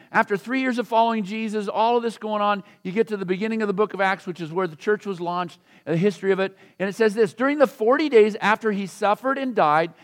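A man preaching a sermon in a conversational storytelling way, acting out the voices of the people in the scripture he reads. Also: sits high. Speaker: pastor.

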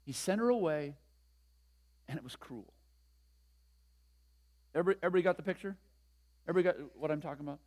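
High-voiced older man preaching. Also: fast, pauses often, darkish tone. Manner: conversational, emphatic, asks the room questions. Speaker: pastor. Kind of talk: sermon.

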